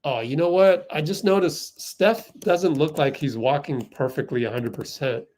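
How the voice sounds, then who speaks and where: A man hosting a fan livestream, giving excitable live play-by-play and getting outraged at the referees. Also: on the high side, normal speed, slight background noise.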